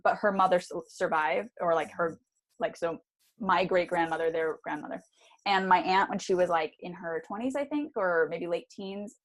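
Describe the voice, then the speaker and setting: A woman co-hosting a podcast, telling stories in animated casual chat with fillers. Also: fairly low pitch. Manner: animated storytelling with fillers and laughs. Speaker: podcast co-host.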